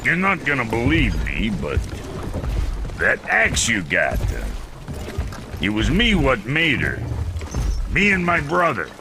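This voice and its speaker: An actor voicing a crude, foul-mouthed, cranky dwarf blacksmith with a gravelly voice, grumbling and swearing. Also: male voice, medium pitch, wildly swooping pitch, takes it slowly, pauses often, heavily acted. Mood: gruff. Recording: game audio with music.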